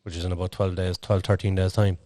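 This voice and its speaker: Man, podcast co-host, rambling casual talk, monotone, deep-ish, dry close sound. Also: quick pace, no room sound. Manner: rambling, filler-heavy storytelling.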